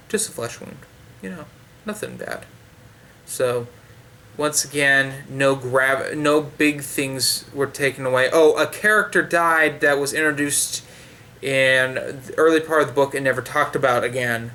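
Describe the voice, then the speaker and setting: A man's voice: medium pitch, measured pace, pushed and bright, a little hiss or hum. A man giving a sarcastic, profanity-heavy book review in a loose, rambling way, full of fillers and restarts. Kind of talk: ranting casual review.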